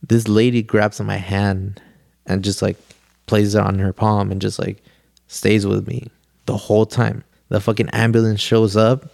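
Young male guest, low and gravelly, rambling casual storyteller, dry close sound. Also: level tone, a little slow, darkish tone, no echo. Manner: rambling, heavy use of "like", swears freely. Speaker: podcast guest.

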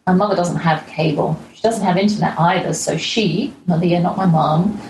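A woman's voice: on the low side, fairly even intonation, normal speed, a little mellow. A middle-aged woman, originally from England, telling a chatty, lightly humorous travel diary as a show host. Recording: roomy echo with faint ambient noise.

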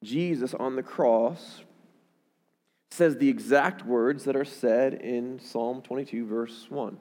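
A man preaching a sermon, often repeating words and rising in pitch and volume as he presses a point. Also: slow, a little mellow, long reverb tail. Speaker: pastor.

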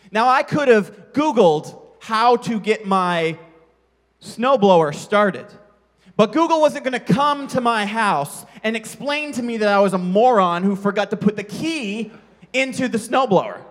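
A man with a high-pitched voice preaches a sermon and tells a comic personal story. He acts out the scene with spoken sound effects and mocks himself before turning to a plain lesson. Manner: animated storyteller, sound effects, self-mocking. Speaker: pastor.

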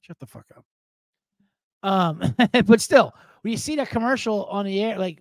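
Male podcast host at home, casual profane monologue, high lively voice, dry sound. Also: moderate pace, long pauses, dry recording. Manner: profane, jokey, animated rambling.

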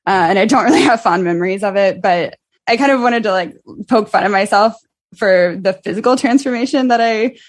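A woman's voice: medium pitch, fairly quick. A woman from Dallas, Texas, a podcast guest chatting casually and laughing easily. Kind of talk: casual chat.

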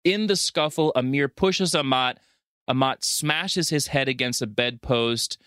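A man co-hosting a podcast, retelling a film with lively profanity, frequent laughter and acted-out quotes. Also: medium pitch, unhurried, clean tone, no echo, clean studio sound. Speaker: podcast co-host. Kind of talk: casual movie recap chat.

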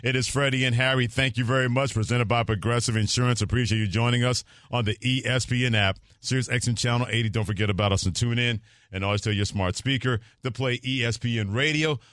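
A man's voice: mid-range voice, fast talker, few pauses, no echo. A man co-hosting a sports radio show in a studio, telling news with playful, laughing energy. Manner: animated, laughing, playful storytelling. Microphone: studio microphone.

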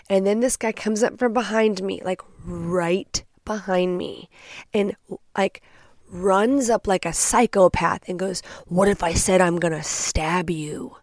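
A woman's voice: medium pitch, no echo, clean studio sound. A young woman from Texas, hosting a podcast, tells a story bluntly and with lots of swearing, acting out what people said. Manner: blunt, profane, animated retelling with quoted asides. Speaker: podcast host. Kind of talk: casual storytelling.

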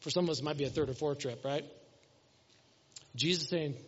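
A man's voice: on the high side, a little fast, fairly bright tone, husky. A middle-aged male pastor preaching a conversational sermon, asking the congregation questions and acting out everyday scenes. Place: church hall. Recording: dull sound with long hall reverb.

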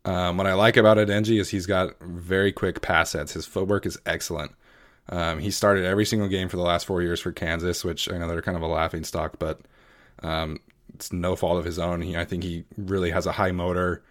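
A man co-hosting a casual podcast chat, measured and laid-back, with frequent fillers as he thinks aloud. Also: deep voice, level tone. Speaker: podcast co-host.

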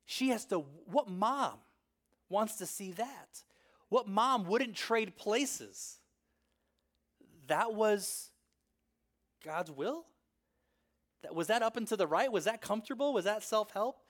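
A man preaching a sermon in a conversational way, peppering his points with "right?" and swinging between loud emphasis and hushed intensity. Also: high-pitched, expressive, slow, pauses often. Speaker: pastor.

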